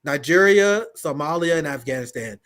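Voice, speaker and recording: A man's voice: a little high, expressive, normal speed, fairly bright tone. A man hosting a political talk stream, reading news aloud and commenting in a loose, slangy way with frequent laughs. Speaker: host.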